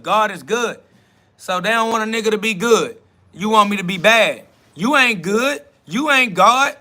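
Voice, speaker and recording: A man with a high, ringing voice delivers an off-the-cuff sermon in street slang. He preaches emphatically and profanely, circling back on the same phrases. He speaks outdoors by a road. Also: lively intonation, moderate pace, sharp tone. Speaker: self-styled spiritual podcast host. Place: outdoors beside a road with passing cars.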